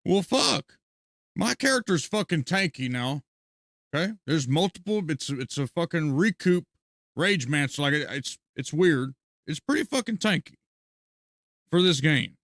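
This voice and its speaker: Male game streamer, high and gravelly voice, profane animated rants, dry close sound. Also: unhurried, no echo. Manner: profane, animated ranting with frequent laughs. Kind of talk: live gameplay commentary and ranting.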